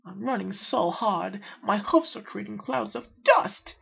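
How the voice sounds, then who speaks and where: A man voicing a prissy, theatrical female pony in a shrill falsetto. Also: a little slow, creaky, husky, exaggerated voice. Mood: fussy dramatic. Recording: muffled amateur home recording.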